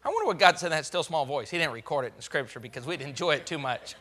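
A male pastor delivers a dramatic sermon in a high, bright voice. He moves from hushed, slow passages to loud, quick bursts, acting out scripture dialogue. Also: expressive. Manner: dramatic, swings from hushed to loud, acts out God's lines.

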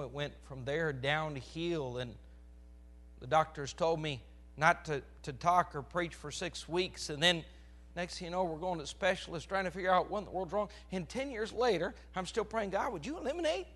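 A pastor in his forties preaching a sermon with a crackly, strained voice, animated and rising to loud emphasis. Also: a little high, moderate pace. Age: 40s.

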